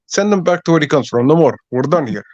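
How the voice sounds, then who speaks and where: A man's voice: fairly high pitch, expressive, quick pace, a little mellow, no room sound, muffled recording. A man calling in to a boxing talk show, joking around in a put-on heavy accent. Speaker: caller. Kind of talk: casual chat.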